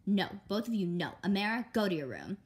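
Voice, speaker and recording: A woman's voice: mid-range voice, big pitch swings, fairly quick, close to an everyday voice. A woman voicing a tired, firm mother of two girls in a storybook read-aloud. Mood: stern. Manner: firm, no-nonsense.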